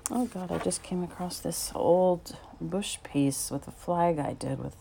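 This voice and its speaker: A middle-aged woman painter talking casually to herself as she sets up, rambling and halting with many fillers, sometimes dropping to a soft whisper. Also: on the low side, creaky, slight background noise. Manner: drops to a soft whisper now and then. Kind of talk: casual spoken vlog while setting up to paint.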